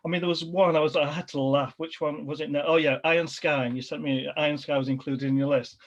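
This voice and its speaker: A man's voice: a little high, steady tone, quick pace. A man hosting a podcast interview in a casual, rambling way, often restarting his sentences. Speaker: podcast host. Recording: dull lo-fi recording.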